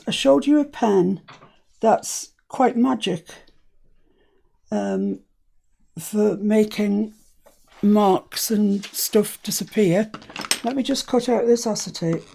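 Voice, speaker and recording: A woman's voice: medium pitch, gravelly, mellow. A woman hosting a casual craft tutorial at a cluttered desk, chatting and muttering to herself as she works. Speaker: craft channel host.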